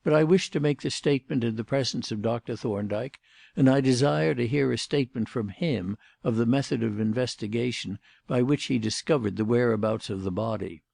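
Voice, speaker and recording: A man's voice: mid-range voice, brisk, vocal fry, a little mellow, dry recording, studio quality. A man voicing a cold, passionless suspect. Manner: passionless and formal. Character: cold, commanding male suspect.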